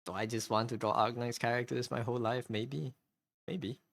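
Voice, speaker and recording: A man's voice: medium pitch, fairly even intonation, moderate pace, vocal fry, fairly bright tone, no echo. A man streaming live while he draws, talking casually in a hesitant, rambling way, full of restarts and repeated words. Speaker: streamer and artist.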